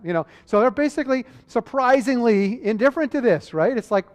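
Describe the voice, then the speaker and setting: A man giving a conversational, animated medical lecture, acting out exchanges with patients. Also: extremely high pitch, fairly quick, few pauses, big-room sound.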